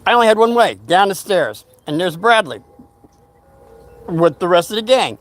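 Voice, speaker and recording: A man's voice: sits high, moderate pace. An older man casually telling a rambling story from his youth, acting out what people said. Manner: rambling, animated retelling with acted-out quotes.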